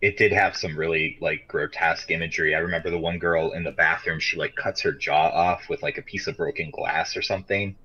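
Casting: low-voiced man from Michigan, bright forceful tone, rambling swearing podcast storyteller. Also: fairly even intonation, brisk, few pauses, slightly rough. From Michigan, USA. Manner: rambling storyteller with many fillers, swears freely. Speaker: podcast co-host. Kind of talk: casual chat. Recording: dull lo-fi podcast audio.

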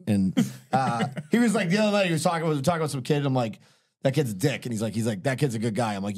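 A man's voice: medium pitch, expressive, very fast, darkish tone. A man co-hosting a casual podcast who tells a rambling anecdote in a loose, conversational way. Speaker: podcast co-host. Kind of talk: casual chat.

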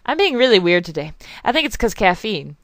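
A woman's voice: mid-range voice, sing-song, a little fast, fairly bright tone, no room sound. A young woman rambling and swearing through casual let's play commentary as a game channel host, apologizing often.

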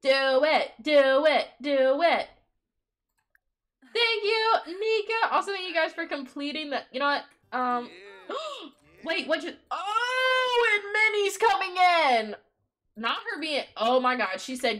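High, bubbly streamer woman. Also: takes it slowly. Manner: excitable, gossipy, swears freely, breaks into laughter. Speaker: live streamer. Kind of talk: live gameplay commentary.

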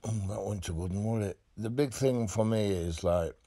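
A man's voice: low voice, fairly even intonation, normal speed, creaky, mellow, slightly rough, exaggerated voice. A man voicing a lonely animal lad who talks in a hesitant, stammering, self-deprecating way with a Yorkshire accent. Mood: sheepish. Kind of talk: comic animal voice-over.

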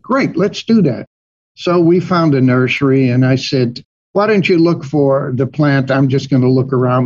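Husky older man telling stories. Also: on the high side, highs cut off. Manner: vivid storyteller acting out his own past dialogue. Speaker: guest, money manager. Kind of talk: storytelling in an interview.

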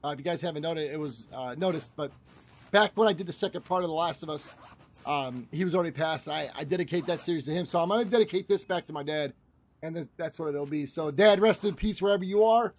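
A man's voice: on the high side, fast. A man giving casual let's-play commentary as a gaming channel host, rambling, repeating himself and swearing freely.

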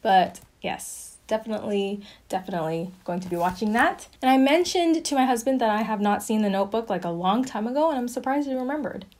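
A woman's voice: a little high, lively intonation, brisk, hardly any pauses, a little mellow. A young woman chatting casually through a haul video, bubbly and full of fillers, a little out of breath. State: slightly out of breath. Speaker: vlogger.

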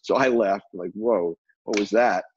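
An older man, a photographer and publisher, telling stories as a guest in a brisk, animated way with quick restarts. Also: fairly low pitch, dull audio, a little hiss or hum. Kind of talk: storytelling in a conversation.

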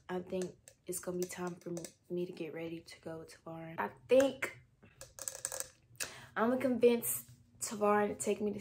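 Young woman vlogging at home on a phone, middle pitch, chatty, faint hiss behind. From Texas. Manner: chatty and animated, drawn-out exclamations; often drops to a soft whisper. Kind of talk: casual vlog chat. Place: at home indoors.

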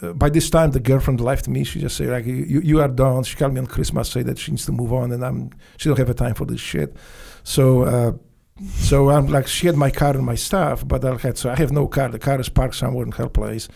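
Guest, male, Polish accent, gravelly and dark-toned, swears freely while he tells his stories. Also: medium pitch, a little fast, few pauses. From Poland. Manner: profane, animated storytelling with non-native grammar. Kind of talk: casual storytelling.

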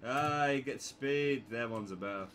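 A man's voice: mid-range voice, a little slow, a bit bright. A young man commentating casually on his own gameplay, sweary and sarcastic, with sudden yelps and laughs.

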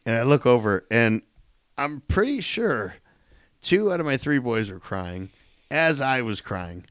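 A man co-hosting a podcast in casual chat, joking in a deadpan, provocative way. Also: mid-range voice, unhurried, dry recording, clean studio sound. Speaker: podcast co-host.

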